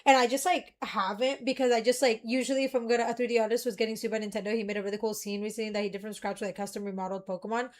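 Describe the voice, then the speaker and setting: A young woman streamer chatting casually, rambling and ranting in an animated way. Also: a little high, rapid-fire, hardly any pauses.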